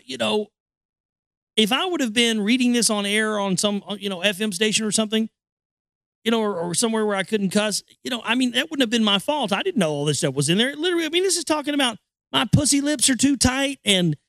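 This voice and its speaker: A man's voice: sits high, fairly bright tone, no room sound, clean studio sound. A man who hosts a podcast, reading an ancient text aloud and ranting over it in crude, profane language. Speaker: podcast host.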